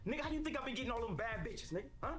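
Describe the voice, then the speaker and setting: Brash crude young guy, super lively pitch, sitcom trash talk. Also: very fast, over loud music. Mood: angry. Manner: loud, crude, teasing street slang. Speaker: sitcom character. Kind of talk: sitcom acting.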